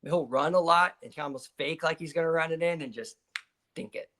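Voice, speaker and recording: Man, co-host, casual chat, slightly high pitch, short easygoing answers. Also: fairly quick, a bit bright.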